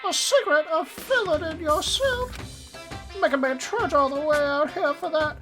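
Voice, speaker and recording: A man voicing a snide, impatient male cartoon bear in a high, nasal put-on voice, sneering and exasperated while reading a game's dialogue. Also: moderate pace, music in the background. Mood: irritated. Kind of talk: fan voicing of a game character.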